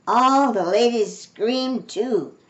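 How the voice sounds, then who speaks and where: An older woman reading a children's storybook aloud in a slow, expressive way, giving voices to the dialogue. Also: a little high, muffled recording. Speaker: storybook reader.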